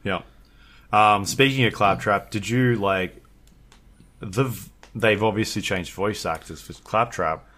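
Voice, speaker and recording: A man's voice: lowish voice, a little slow. A man co-hosting a podcast, chatting casually and rambling with lots of fillers. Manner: rambling, filler-heavy, animated when telling stories. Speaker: podcast co-host. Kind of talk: casual chat.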